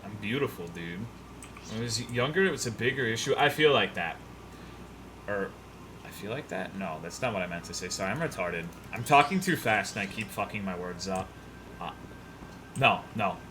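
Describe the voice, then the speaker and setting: A man's voice: lowish voice, lively intonation, moderate pace, background noise. A young man streaming a game, chatting loosely and profanely, rambling and reading chat messages aloud. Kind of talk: casual gaming stream chat.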